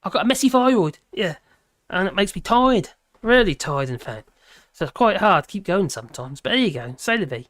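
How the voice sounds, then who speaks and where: A woman's voice: medium pitch, sing-song, fairly quick, fairly bright tone, no echo, clean studio sound. A tired woman, rambling and grumbling in casual chat while reading out comments on her live stream.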